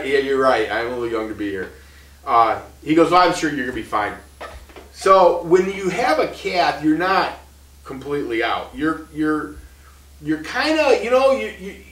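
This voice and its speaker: A man's voice: a little high, a bit bright, roomy sound, recorded from a distance, poor audio. A man in his thirties telling his own story in a casual, rambling way, full of restarts and short laughs. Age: 30s.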